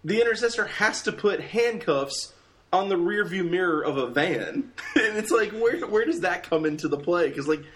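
A man with a fairly high, lively pitch, talking in casual chat. He talks haltingly and repeats words as he works out his questions. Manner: halting, repeats words while searching for them.

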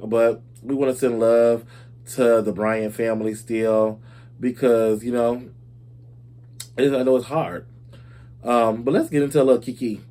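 A man hosts a casual gossip segment, chatting to his listeners as if they were close friends. His voice sits at an ordinary middle pitch, and he talks loosely and informally, sprinkling in "y'all" and "baby" as he goes. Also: fairly even intonation, a little slow, pauses often, dark tone. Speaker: celebrity gossip host.

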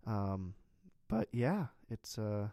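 A man in his early twenties co-hosting a casual comedy chat, deadpan and hesitant with many fillers. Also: lowish voice, drawn-out words, creaky, clear, resonant tone, dry recording, studio quality. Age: 20s. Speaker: podcast co-host.

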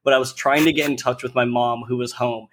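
A man in relaxed conversation who circles his point with constant fillers. He talks candidly and drops a curse when something frustrates him. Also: medium pitch, fast. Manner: loose, filler-heavy storytelling with frequent "like"; candid and profane when exasperated. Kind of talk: casual chat.

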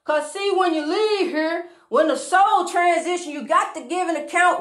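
A woman's voice: very high-pitched, normal speed, hardly any pauses, fairly bright tone, reverberant. A woman giving a preachy, sing-song motivational monologue, calling the listener honey and repeating rhyming phrases.

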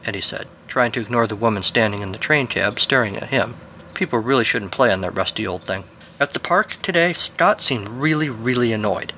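Bright-voiced man narrating a story. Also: on the low side, lively intonation, moderate pace, a little hiss or hum. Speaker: podcast host and storyteller.

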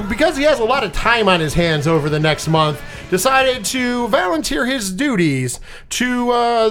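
A man hosting a movie review podcast, switching between hyped announcer-style introductions and rambling casual chat. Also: very high voice. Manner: rambling with fillers and laughs. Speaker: podcast host.

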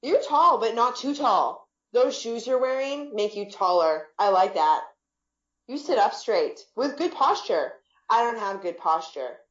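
A woman's voice: fairly high pitch, lively intonation, a little slow, dull audio. A woman voicing an awkward, blunt adult man who makes oddly formal remarks, read in an echoey room.

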